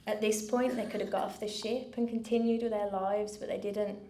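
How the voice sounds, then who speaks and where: A middle-aged woman giving a personal speech from a stage, earnest and measured with dry asides. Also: medium pitch, fairly even intonation, dark tone. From United Kingdom. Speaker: founder giving a keynote speech. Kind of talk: personal story told from a stage. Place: event venue with a live audience. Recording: roomy venue, faint background noise.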